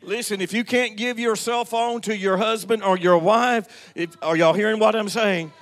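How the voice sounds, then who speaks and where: A man's voice: sits high, fairly even intonation, normal speed, fairly bright tone. An older man preaching a sermon in a church, calling on the congregation to answer him. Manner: preachy, calls on the congregation to respond. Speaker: pastor.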